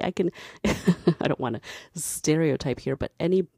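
A woman's voice: sits low, measured pace, dark tone, husky, dry recording, clean studio sound. A woman giving casual opinion commentary, candid and passionate, building to emphatic points.

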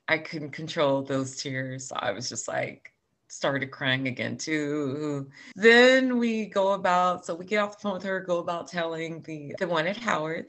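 A woman's voice: low voice, gravelly, a bit bright. A woman in her forties telling a personal story in conversation, candid and emotional, laughing through hard moments. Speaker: cancer patient sharing her story.

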